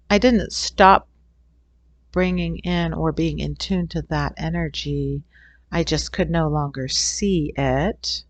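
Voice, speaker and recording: Low-pitched middle-aged woman rambling earnestly thru a story, dry close sound. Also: no echo, dull audio. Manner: rambling, earnest, with frequent restarts. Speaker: holistic healing teacher. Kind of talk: casual storytelling talk.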